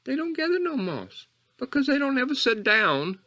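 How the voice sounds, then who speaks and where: A man voicing a folksy Louisiana bayou oddball, who drawls through a digressive tale. His pitch swoops wildly between low mumbles and sudden high squeaks, and his tone stays bright and edgy. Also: very animated, moderate pace, heavily acted. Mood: rambling. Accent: Southern US (Louisiana bayou). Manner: meandering, digressive, mock-earnest storytelling. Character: rambling bayou man calling himself Coach Catfish. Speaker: comedy character host. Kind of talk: character monologue.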